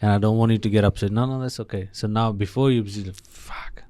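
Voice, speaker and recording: Low-voiced man from India. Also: fast talker, no room sound. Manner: emphatic, swears when animated. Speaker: podcast guest. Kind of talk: casual conversation.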